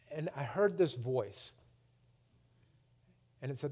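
A man preaching a personal testimony, emphatic, swinging between loud and hushed, often repeating his words. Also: fairly high pitch, lively intonation, moderate pace, long pauses, highs cut off.

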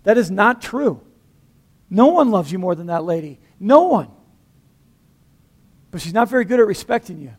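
High-voiced, lively male preacher. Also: normal speed, pauses often, slightly rough. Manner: lively, conversational preaching with humor; acts out dialogue in different voices. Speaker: pastor. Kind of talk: sermon.

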